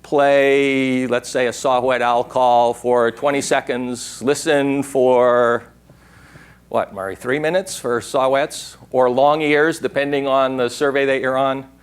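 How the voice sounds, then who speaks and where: This older man's mid-range voice is steady and smooth, and he takes his time. Giving a conference workshop talk in a lecture room, he rambles and digresses, at times imitating an owl.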